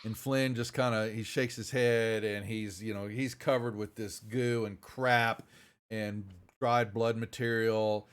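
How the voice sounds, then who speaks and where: A man's voice: on the low side, little pitch movement, unhurried, smooth. A man running a tabletop game as game master, narrating loosely with many fillers and restarts.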